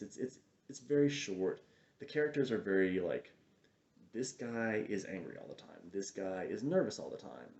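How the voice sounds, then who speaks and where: A man's voice: on the low side, a little mellow. A man giving a casual, chatty film review, wandering off on tangents and trailing off as he hunts for titles. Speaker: movie reviewer. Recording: roomy, slightly dull lo-fi sound.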